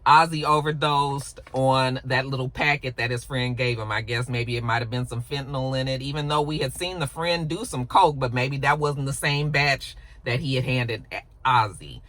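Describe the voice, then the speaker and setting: Chatty woman recapping a show, bright voice. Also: very deep voice, moderate pace, few pauses. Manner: chatty, animated, blunt and profane. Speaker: TV recap YouTuber.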